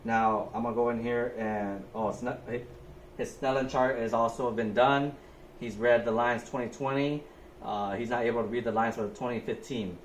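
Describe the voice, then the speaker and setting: A man's voice: mid-range voice, steady tone, moderate pace. Young man narrating a nursing checkup. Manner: methodical step-by-step narration. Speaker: nurse. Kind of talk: narrated skills demonstration. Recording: echoey room, faint background noise.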